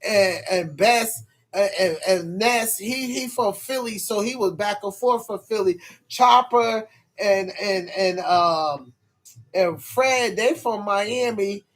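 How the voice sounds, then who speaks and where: A man with a high voice chats casually to his livestream viewers, rambling and swearing through a string of hesitations. He talks at an unhurried, slow pace. He comes from New York. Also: a bit bright. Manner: rambling and profane, full of hesitations.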